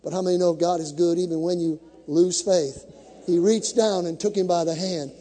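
A man's voice: high voice, steady tone, moderate pace, dark tone, big-room sound. A male pastor preaching a sermon to a congregation, with dramatic build-ups, acting out the scripture stories he tells.

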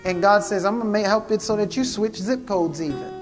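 A man's voice: sits high, fairly quick. A man preaching a prophetic sermon, fervent and repetitive, calling out to the congregation. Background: guitar music.

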